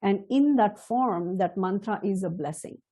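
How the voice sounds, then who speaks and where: A middle-aged woman teaching a chant, explaining slowly and carefully, now and then laughing softly. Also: mid-range voice, slightly rough. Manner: slow, measured and explanatory, with soft laughs. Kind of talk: spoken lesson with chanted demonstrations.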